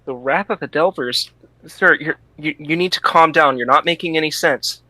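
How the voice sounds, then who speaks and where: A man speaks as a player in a tabletop game, earnest and a little halting. His voice is bright and forceful, and the sound is dry and close. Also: on the high side, no echo, poor audio. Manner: earnest, hesitant, repeats words. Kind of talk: tabletop role-play.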